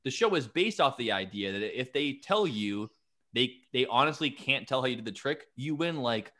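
Excitable, swearing podcast man. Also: mid-range voice, moderate pace. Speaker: podcast host. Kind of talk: casual chat.

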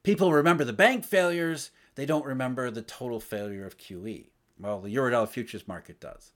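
A man giving solo market commentary, emphatic, asking rhetorical questions as he explains. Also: a little fast. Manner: emphatic, rhetorical questions, lively swings in pitch and loudness. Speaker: financial commentator.

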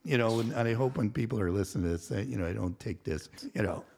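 A gravelly, fairly low-voiced man in his sixties, appearing as a podcast guest, quickly tells a work story in casual chat. He acts out the people he quotes, laughs, and swears freely, with slight background noise.

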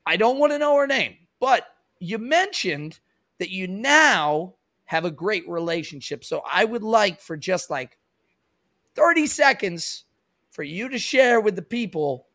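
A man's voice: sits high, big pitch swings, measured pace, sharp tone, voice pushed up, heavily acted. A man doing a mock Italian tough guy. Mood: teasing. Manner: exaggerated, teasing.

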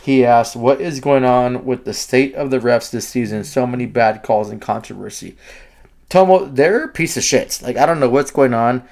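Man, sports podcast co-host, excitable, swearing, rambling restarts, mid pitch. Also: normal speed. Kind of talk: heated sports talk.

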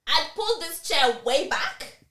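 Podcast co-host, woman, high bright voice, dramatic storyteller, echoey room. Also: sing-song, a little slow. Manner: dramatic, swearing, acts out quoted people. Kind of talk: casual chat, animated storytelling.

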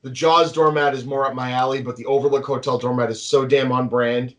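A man hosting a casual podcast chat, an animated storyteller who laughs often. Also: medium pitch, fairly quick. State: anxious about flying. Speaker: podcast host.

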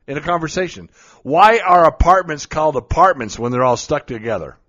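A man's voice: on the high side, fairly bright tone. A middle-aged man talking casually and playfully, joking and laughing often as he gives advice on being goofy. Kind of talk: casual monologue. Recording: dull lo-fi recording.

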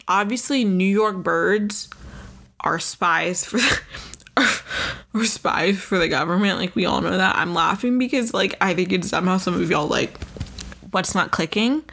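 A woman's voice: mid-range voice, fairly bright tone. A woman hosting a solo podcast, chatting in a rambling, profane, self-mocking way. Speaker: podcast host. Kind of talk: casual solo podcast chat.

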